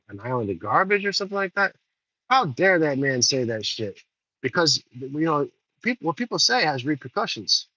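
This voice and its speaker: A man's voice: medium pitch, fairly bright tone, no echo. A middle-aged man telling a story in a casual vlog, angry and swearing freely, recorded outdoors. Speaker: vlogger. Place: outdoors in the rain. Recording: dull lo-fi sound.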